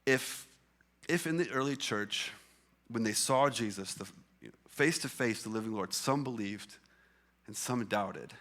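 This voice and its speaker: A man's voice: on the low side, expressive, measured pace, pauses often, fairly bright tone. A man preaching a sermon as pastor in a church, talking in a conversational way with many fillers and restarts. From Canada. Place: church hall with congregation.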